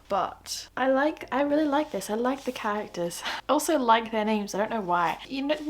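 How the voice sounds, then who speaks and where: A young woman in her twenties chatting casually in a reading vlog, gushing and excitable, laughing often. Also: mid-range voice, slight background noise. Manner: gushing and excitable about books. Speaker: book vlogger.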